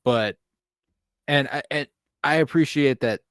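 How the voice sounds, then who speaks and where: A podcast co-host with a smooth, mid-range voice speaks at a measured pace, giving casual, opinionated takes on a movie with plenty of ums and the occasional swear. The sound is clean studio quality with no room sound.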